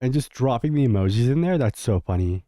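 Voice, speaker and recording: A young man reacts to a clip in casual commentary, tossing out candid, jokey asides. His voice is mellow and swings lively up and down. The sound is close and dry. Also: mid-range voice, a little fast, dry recording.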